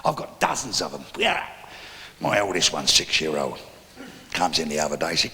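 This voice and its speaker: An older man with a London accent doing a brash, swearing stand-up routine, telling jokes in an animated way. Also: a bass voice, brisk, a little hiss or hum. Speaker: stand-up comedian. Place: live venue with audience. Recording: live hall recording with audience.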